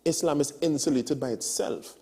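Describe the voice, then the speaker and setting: A man's voice: on the high side, moderate pace, dark tone. A man hosting a talk show who sums up what his guest says. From Trinidad and Tobago. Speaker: host.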